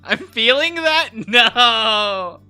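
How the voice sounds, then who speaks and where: Male streamer, casual rambling chat, sharp bright tone, unhurried. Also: very high-pitched, expressive, clean tone, soft background music. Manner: giggly, rambling, many fillers. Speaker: streamer drawing live.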